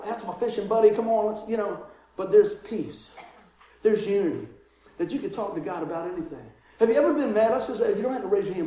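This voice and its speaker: Recorded in a very echoey hall, a high-pitched middle-aged man, a pastor, tells a childhood story during his sermon. He's animated and laughing, voicing the people in the tale.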